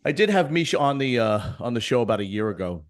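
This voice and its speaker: A man's voice: medium pitch, very animated, fast. A man hosting a casual chat show, loose and laughing often. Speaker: host.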